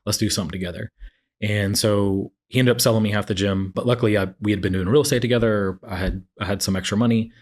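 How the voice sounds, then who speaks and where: A man's voice: fairly low pitch, fairly even intonation, fast, hardly any pauses, darkish tone. A man in his forties, an entrepreneur telling his story in a casual interview and acting out what others said. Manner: storytelling, acts out quotes of others. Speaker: entrepreneur guest.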